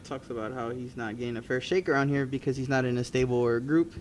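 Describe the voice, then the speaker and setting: A man's voice: medium pitch, fairly even intonation, fast, slight background noise. A man co-hosting a podcast, recapping wrestling matches in casual, rambling chat with frequent ums and restarts. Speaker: podcast co-host.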